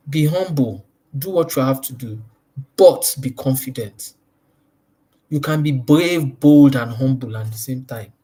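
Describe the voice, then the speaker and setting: A man coaching a room of salespeople in a motivational training talk. He speaks emphatically and hammers home each point by saying it twice. His pitch sits in an ordinary middle range. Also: dark tone, husky. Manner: emphatic and repetitive, stresses points by repeating them.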